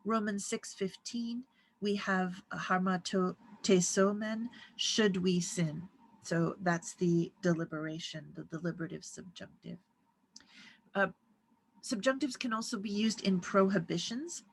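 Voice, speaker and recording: A woman giving a recorded grammar lecture, explaining step by step and slowing down to read out Greek phrases. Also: mid-range voice, gravelly, slight background noise, rough recording. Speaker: Greek teacher.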